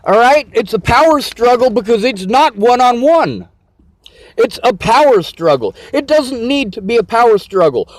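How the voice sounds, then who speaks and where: Man, high voice, dry close sound, angry swearing rant, repeats himself. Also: sing-song, normal speed, no room sound. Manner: agitated, profane, repetitive venting. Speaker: vlogger. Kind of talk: angry personal rant to camera.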